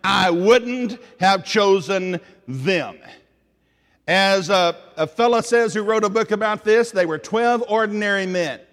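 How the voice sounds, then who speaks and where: A man's voice: high-pitched, a little slow, a bit bright, long reverb tail. A man with a Tennessee Southern accent preaching a sermon in an earnest, conversational way, often putting questions to his listeners.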